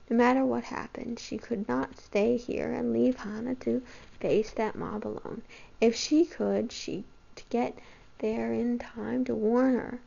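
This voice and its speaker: Gravelly woman reading a novel aloud. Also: a little high. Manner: steady, even storybook reading. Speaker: reader. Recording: dull lo-fi home recording.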